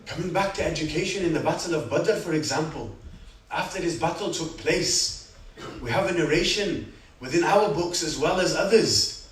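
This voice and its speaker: A man giving a sermon at a religious gathering, telling stories with dramatic rises and soft, quiet reflections. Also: a little high, moderate pace. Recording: echoey hall, speaker far from mic, faint room noise.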